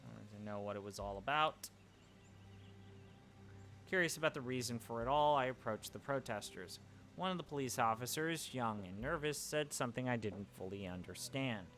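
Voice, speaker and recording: A man's voice: medium pitch, normal speed, a bit bright, soft background music. A young man reading a visual novel's narration aloud with casual, swearing asides as a let's play streamer.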